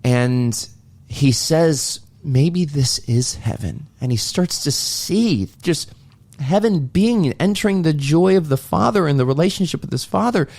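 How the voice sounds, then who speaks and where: In casual podcast chat, the co-host sincerely and thoughtfully recounts a film scene, dramatizing its quoted lines. He speaks at a measured pace in a fairly high, darkish voice with lively intonation.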